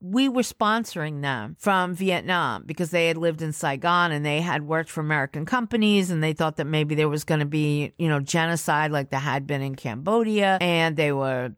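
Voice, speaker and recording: Woman in her 60s, from New York, low voice, dry close sound, lively storyteller. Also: normal speed, hardly any pauses, no room sound. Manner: animated, acts out her own reactions with big pitch jumps. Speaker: podcast host. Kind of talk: personal storytelling.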